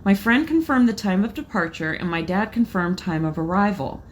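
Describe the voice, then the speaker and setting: A woman co-hosting a podcast, reading listener stories aloud in a casual, expressive way. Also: mid-range voice, normal speed, a little hiss or hum. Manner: laughs often, expressive. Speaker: podcast co-host.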